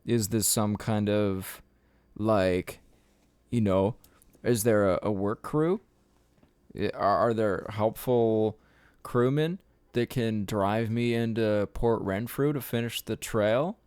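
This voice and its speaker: A man's voice: lowish voice, slow pace, a little mellow, clear, resonant tone, no echo. A young man hosting a podcast, telling a long rambling story casually, swearing often and laughing at himself. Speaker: podcast host.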